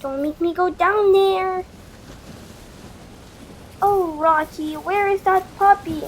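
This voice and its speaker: A woman's voice: very high-pitched, slow pace, a little hiss or hum. A woman voicing a chatty adult woman doll at the beach for a toy play video, talking to herself with little sighs. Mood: calling out.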